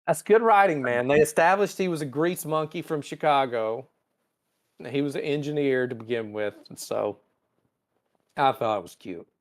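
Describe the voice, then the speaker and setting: A man hosting a podcast, casually recapping a TV episode in a profane, storytelling way. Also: medium pitch. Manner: profane, storytelling with quick character voices. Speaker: podcast host.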